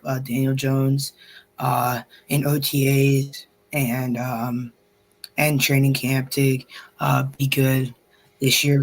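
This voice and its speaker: A man speaking as a guest on a sports podcast, hesitant and full of fillers. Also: medium pitch. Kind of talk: casual sports podcast chat.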